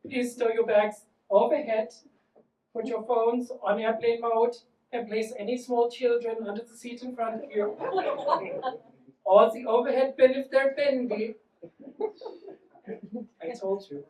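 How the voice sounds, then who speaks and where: A man's voice: very high-pitched, fairly even intonation, unhurried, pauses often, darkish tone, pitched above the performer's own voice. A man voicing a sassy, sarcastic German male flight attendant with a German accent. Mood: campy. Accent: German, put on. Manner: campy, sarcastic. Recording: roomy theatre, from far off.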